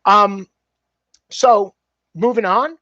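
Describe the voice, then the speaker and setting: A filmmaker guest, a man, tells stories casually, animated, swearing freely and speaking candidly. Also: high-pitched, drawn-out words, dry recording. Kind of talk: casual storytelling. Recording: dull, dry, slightly muffled.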